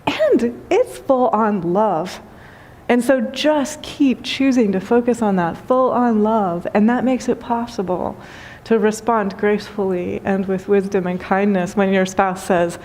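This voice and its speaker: A woman's voice: on the high side, expressive, measured pace, a little mellow. A woman giving a spiritual talk as teacher, telling a funny story and laughing often.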